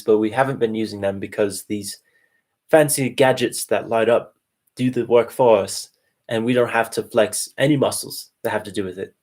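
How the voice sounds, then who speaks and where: A man speaking as a guest in a reflective, spiritual way, thoughtful and unhurried, with hesitant fillers. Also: fairly low pitch.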